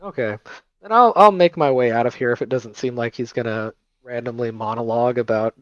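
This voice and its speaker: A man's voice: medium pitch, a little fast, no echo. Wry male player, dull dry mic. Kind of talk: tabletop game play.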